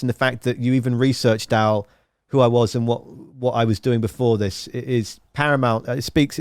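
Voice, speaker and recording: A man hosting a casual interview podcast, telling long rambling stories in an animated way. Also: mid-range voice, no room sound. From England. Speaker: podcast host.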